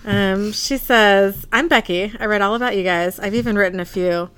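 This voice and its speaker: A woman's voice: medium pitch, moderate pace, a bit bright, smooth. A woman co-hosting a podcast, retelling a TV episode scene by scene and quoting the characters' lines. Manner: reads scenes aloud, quoting lines in a lightly acted way. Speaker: podcast co-host recapping an episode.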